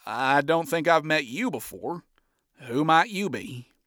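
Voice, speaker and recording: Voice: medium pitch, expressive, a little slow, a bit bright, no echo, clean studio sound. A narrator voicing a polite, folksy man with a laid-back drawl. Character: friendly folksy male bassist. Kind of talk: amateur audiobook reading.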